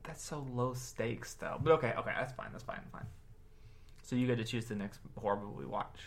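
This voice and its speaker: A man's voice: mid-range voice, a little fast. A man co-hosting a podcast in casual chat, rambling and laughing often. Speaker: podcast co-host.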